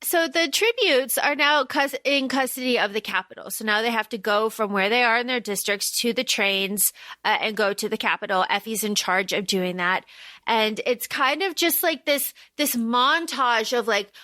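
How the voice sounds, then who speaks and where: Young female podcast co-host, high bright voice, animated casual movie recap. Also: moderate pace, no echo, clean studio sound. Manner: animated, laughing, acts out quotes.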